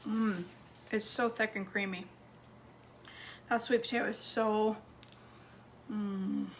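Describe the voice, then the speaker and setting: A woman's voice: mid-range voice, fairly even intonation, slow pace, slight background noise. A woman vlogging casually from her home kitchen, chatting to viewers and her dog as she cooks. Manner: chatty, talks to her dog between steps. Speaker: cooking vlogger.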